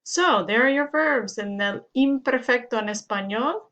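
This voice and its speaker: A woman's voice: fairly high pitch, moderate pace, fairly bright tone. A woman Spanish teacher giving a grammar lesson, explaining steadily and following each example sentence with its translation.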